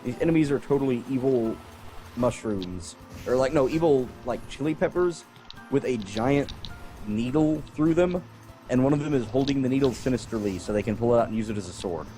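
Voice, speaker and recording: Casting: man, gaming podcast co-host, rambling wry chat, average pitch, music faintly under. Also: fairly quick, mellow.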